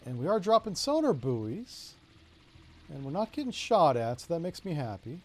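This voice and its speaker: A man's voice: on the high side, sing-song, moderate pace. A middle-aged man from Florida with a Florida accent, chatting and joking with viewers while commentating on a naval strategy game. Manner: chatty, joking asides, talks to chat. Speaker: streamer. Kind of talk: casual gameplay commentary.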